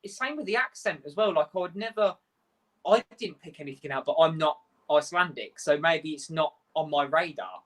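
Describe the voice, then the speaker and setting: A man's voice: fairly high pitch, brisk, fairly bright tone, rough recording. Enthusiastic man guest in casual chat. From Europe. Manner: enthusiastic, talks through ideas with quoted asides.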